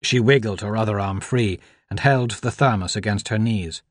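Reading scripted audiobook narration, this man tells a novel's story in a calm, even manner. His voice is on the low side, recorded in a studio without any room sound.

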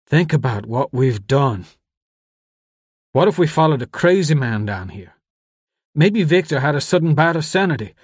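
A man reading aloud who voices a shaken, guilt-ridden middle-aged man, quiet and halting. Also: on the high side, animated, slightly rough, no room sound, studio quality, pitched above the performer's own voice. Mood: troubled.

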